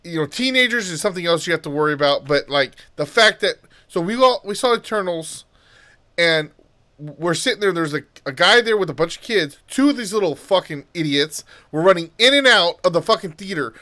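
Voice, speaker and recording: A man's voice: high voice, animated, brisk, pushed and bright. A man co-hosting a podcast, ranting heatedly and profanely in casual chat. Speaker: podcast co-host.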